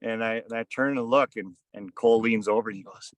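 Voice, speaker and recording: A man's voice: on the low side, fairly even intonation, fairly quick, dry recording. A man in his thirties or forties, a podcast guest, telling a casual story in a rambling way full of "kinda" and "like.". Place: on a fishing boat.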